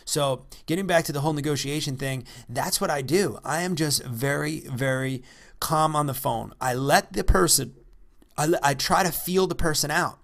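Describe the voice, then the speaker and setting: A man giving an unscripted coaching talk into a microphone, energetic and repetitive, often checking in with "all right?". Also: fairly high pitch, moderate pace, gravelly. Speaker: real estate investing coach. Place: by the ocean.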